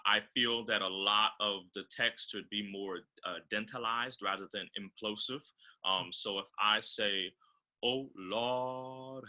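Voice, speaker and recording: A man with a low voice and a very bright, forceful tone talks over a video call. He explains choir technique in an instructive way, with many ums and uhs. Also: low-quality recording. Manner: explains choral diction, often pausing on fillers. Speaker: composer and choral director guest.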